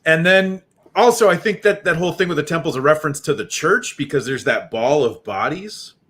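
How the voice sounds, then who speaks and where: A man's voice: on the high side, lively intonation, brisk, a bit bright. A man in casual chat, discussing a horror movie with a co-host and making dry, wry jokes. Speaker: podcast co-host.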